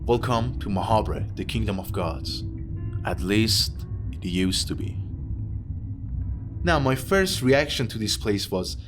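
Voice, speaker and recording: A man's voice: lowish voice, expressive, slow, long pauses, over music. A young man giving casual game commentary in a rambling, sardonic way with jokey asides. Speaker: video game YouTuber.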